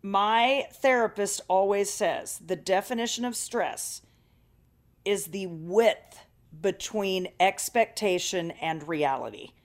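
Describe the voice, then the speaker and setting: A woman co-hosting a radio show, chatty and quick to laugh, talking into a studio mic. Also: medium pitch. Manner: chatty, laughs easily, defensive when teased. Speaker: radio co-host. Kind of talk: casual radio banter.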